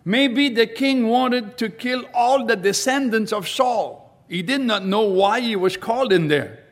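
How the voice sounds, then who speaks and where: A man preaching a sermon, reading scripture aloud and explaining it slowly and deliberately. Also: sits high.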